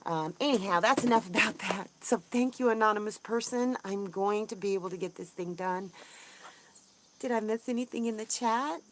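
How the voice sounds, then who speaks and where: A woman hosting a casual livestream, chatting in a rambling way with lots of ums and restarts and greeting viewers brightly. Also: medium pitch, normal speed, noisy background. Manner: bubbly, voice jumps up when greeting viewers. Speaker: homesteading channel host. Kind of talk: casual livestream chat, reading viewer comments.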